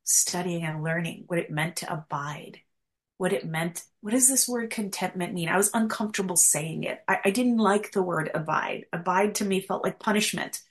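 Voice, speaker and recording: A woman's voice: lowish voice, moderate pace. A woman counselor telling her personal testimony in an interview, earnest and emotional, with many fillers. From United States. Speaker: counselor, guest.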